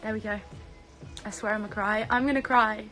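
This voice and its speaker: A young woman from the UK chatting on a phone livestream, bubbly and excitable, reading out viewers' comments. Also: medium pitch, moderate pace, soft background music. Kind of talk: casual live stream chat.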